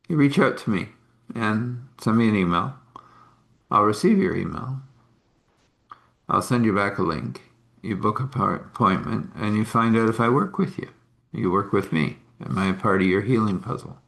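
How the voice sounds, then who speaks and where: Chatty man with a low voice. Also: a little slow, creaky, pauses often, a bit bright. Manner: rambling and chatty, with laughs and apologies for yawning. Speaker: spiritual healer and host. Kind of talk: live meditation talk and storytelling.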